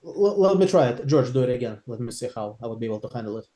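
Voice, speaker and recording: A man's voice: mid-range voice, animated, rapid-fire, warm tone. Hesitant male sales trainee, echoey room. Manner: hesitant, thinking aloud.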